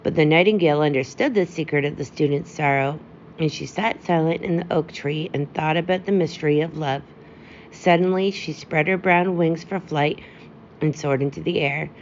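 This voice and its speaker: A woman reading a fairy tale aloud in a steady, gentle storytelling manner. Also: low-pitched, moderate pace. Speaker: audiobook reader. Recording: dull lo-fi with faint hiss.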